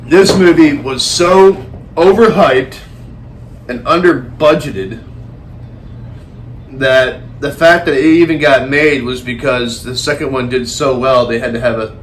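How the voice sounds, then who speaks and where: Male co-host, casual film chat, mid-pitched, rambling and animated, light background noise. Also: a little slow. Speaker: podcast co-host. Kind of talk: casual movie review chat.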